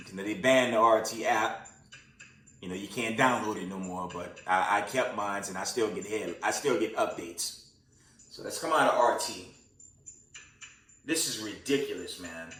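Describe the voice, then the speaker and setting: A man's voice: fairly low pitch, a bit bright, recorded from a distance. A tired man hosting casual news commentary with prophecy talk, rambling with many fillers and restarts. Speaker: host of a news commentary channel. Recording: roomy sound, away from the mic.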